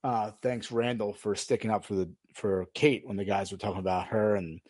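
A man's voice: fairly low pitch, moderate pace, no echo, clean studio sound. A man co-hosting a podcast, casually recapping a TV episode and acting out the scenes as he retells them. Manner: animated retelling, acts out scenes. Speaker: podcast co-host.

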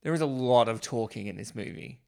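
A man co-hosting a relaxed podcast about an old movie. He talks in an animated, chatty way and tosses off quick jokey asides. His pitch sits in an ordinary middle range for a man. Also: creaky. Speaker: podcast co-host. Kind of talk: casual film discussion chat.

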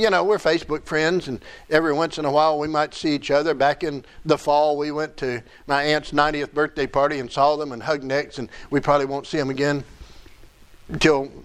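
A man's voice: fairly high pitch, a bit bright. A middle-aged man preaching a sermon as pastor, building emphasis and adding asides to the congregation.

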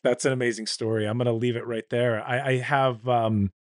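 A man's voice: mid-range voice, little pitch movement, fairly quick, no room sound, studio quality. A man hosting an interview, reacting with short remarks and steering the chat toward its end. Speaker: podcast host. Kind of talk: casual interview.

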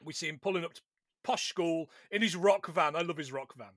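A man's voice: a little high, brisk, fairly bright tone. A man, co-hosting a casual film podcast, swearing and laughing often. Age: 40s. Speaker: podcast co-host.

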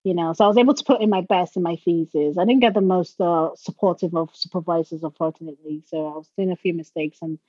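A woman from Nigeria with a British-leaning accent, chatting as an interview guest, lively and acting out quotes as she tells stories. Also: on the low side, quick pace, hardly any pauses, no room sound, lo-fi sound. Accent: British English with a Nigerian background. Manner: animated storyteller, laughs and acts out quotes. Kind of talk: casual conversational interview.

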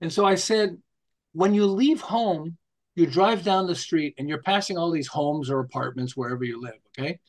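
A man's voice: fairly high pitch, moderate pace. A man, a guest on an interview show, telling stories animatedly, acting out scenes and restarting his sentences as he goes. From United States. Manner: animated, acts out quotes and scenes; rambling with restarts, tells jokes. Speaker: guest, marketing author. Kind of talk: storytelling interview.

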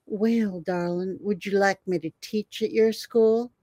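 Woman doing a soft virginia gentleman, older guy, quiet and sweet. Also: medium pitch, steady tone, a little slow, dry recording, lightly acted. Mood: fond. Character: charming older male herbalist, drawling.

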